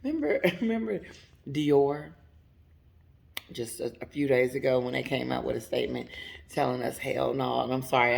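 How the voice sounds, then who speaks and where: A woman's voice: extremely low pitch, creaky. A woman giving casual commentary straight to her viewers, emphatic and laughing often. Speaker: commentary channel host.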